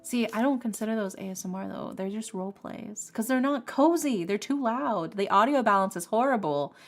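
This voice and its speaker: A woman streamer and ASMR creator chatting casually with her viewers, animated and opinionated, laughing often. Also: mid-range voice, brisk. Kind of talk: casual chat on a livestream. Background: faint lofi music.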